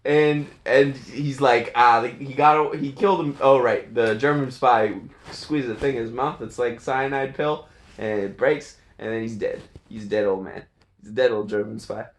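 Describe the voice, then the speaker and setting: A man's voice: medium pitch, reverberant. A man giving a casual, laughing recap of a movie's plot, slipping into goofy voices for the characters.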